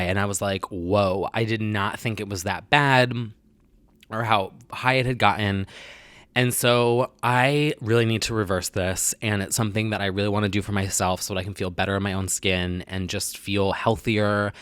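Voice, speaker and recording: Young male vlogger, lowish voice, dry close sound, rambling and confessional, lots of "like.". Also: fairly bright tone, smooth, no echo. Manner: rambling, self-deprecating, heavy use of "like"; confessional and candid. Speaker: vlogger host. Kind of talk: casual chat to camera.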